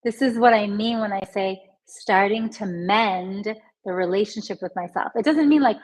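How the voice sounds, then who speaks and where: Breathy woman coaching emotional healing. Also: medium pitch, poor audio. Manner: gentle, repeats healing phrases slowly; talks straight to viewers, reads their comments aloud. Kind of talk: live online healing lesson.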